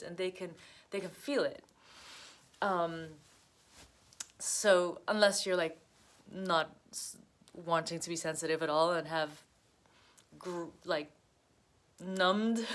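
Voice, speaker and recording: Chatty rambling woman telling a story. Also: fairly low pitch. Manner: rambling, laughs often, acts out quoted voices. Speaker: astrology vlogger. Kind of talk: casual storytelling monologue.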